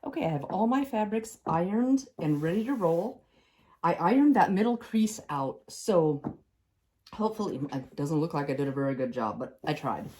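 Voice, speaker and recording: A woman's voice: fairly low pitch, expressive, moderate pace, a little mellow, husky. A middle-aged woman hosting a casual quilting tutorial, chatty and upbeat as she explains each step.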